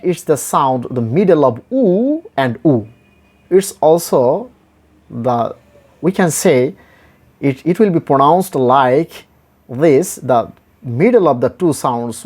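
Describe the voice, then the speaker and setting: A man teaching English pronunciation, spelling words out letter by letter and repeating each one with careful, drawn-out syllables. His first language is Bengali. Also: fairly high pitch, darkish tone. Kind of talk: slow, deliberate pronunciation lesson.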